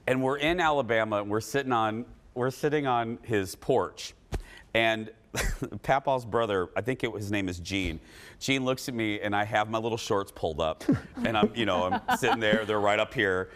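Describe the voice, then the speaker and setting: A man in his forties hosting a talk show, telling stories with laughter and animated banter. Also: on the low side, normal speed.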